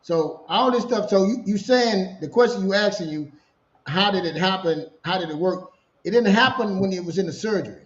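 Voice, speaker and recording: A middle-aged man telling a personal story in casual conversation, animated and repeating himself as he talks. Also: high-pitched, moderate pace. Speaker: podcast co-host sharing his story. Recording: roomy, dull lo-fi sound.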